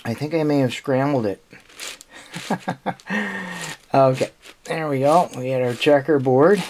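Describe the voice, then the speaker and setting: Halting, chatty man unboxing a puzzle. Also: mid-range voice, a little mellow, a little hiss or hum. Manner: hesitant, halting, full of restarts and small laughs. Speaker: puzzle channel host. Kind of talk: casual unboxing chat.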